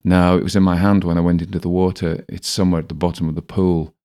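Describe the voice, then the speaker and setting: A man's voice: sits low, flat delivery, fast, dark tone, lightly acted. A man voicing a practical, matter-of-fact male companion in an audiobook, speaking plainly.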